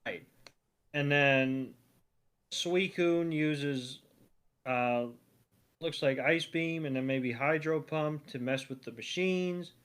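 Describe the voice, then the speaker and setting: A man's voice: on the high side, slow pace, pauses often, a bit bright, clean tone. A man co-hosting a podcast, chatting casually through a cartoon episode with fillers and asides. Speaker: podcast co-host.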